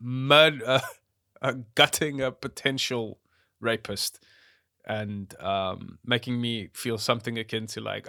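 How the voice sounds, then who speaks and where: A man's voice: mid-range voice, fairly even intonation, slow pace, gravelly, sharp tone, dry recording, studio quality. A man hosting a casual film review podcast, wry and often laughing, with plenty of ums. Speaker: podcast host.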